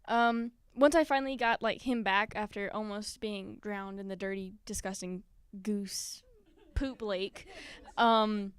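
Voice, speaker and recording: A woman's voice: medium pitch, measured pace, clear, resonant tone, no echo. A woman performing a personal story live on stage, nervous and giggly, acting out scenes as she goes. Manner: nervous and giggly, with animated acted-out quotes. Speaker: spoken word performer. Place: stage at a live community event.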